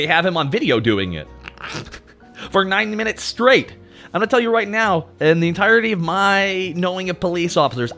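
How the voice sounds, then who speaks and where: Profane ranting male streamer. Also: on the high side. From Canada. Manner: profane, animated ranting, answers chat. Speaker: VTuber streamer. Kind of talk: livestream chat rant.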